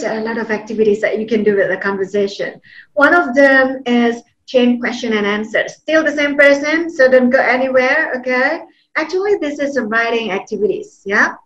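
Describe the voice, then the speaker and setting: A woman's voice: on the high side, fairly bright tone. A woman from Indonesia with an Indonesian accent, running an interactive online teaching workshop and checking in with "okay?" and "yeah?". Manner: encouraging, tags sentences with "okay?" and "yeah?". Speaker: teacher trainer. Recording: roomy, slightly muffled online call audio.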